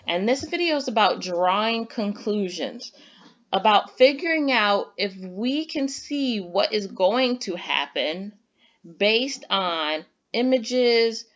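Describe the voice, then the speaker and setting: A woman's voice: mid-range voice, expressive, slow pace, a bit bright, lo-fi sound. A woman teacher giving an online lesson to young children, patient and encouraging, who reads example sentences aloud with exaggerated emphasis.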